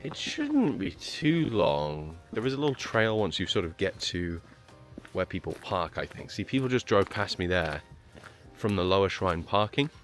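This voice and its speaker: A man's voice: low voice, huge pitch swings, moderate pace, faint music behind. Breathless man vlogging on a hike. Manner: chatty, self-mocking narration while hiking. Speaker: travel vlogger. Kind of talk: walking travel vlog. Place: outdoors on a hillside trail and road.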